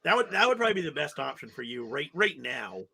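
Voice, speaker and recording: A man's voice: fairly high pitch, big pitch swings, quick pace, vocal fry, bright, forceful tone, husky. A man co-hosting a casual livestream podcast, answering questions with hesitant restarts. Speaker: podcast co-host.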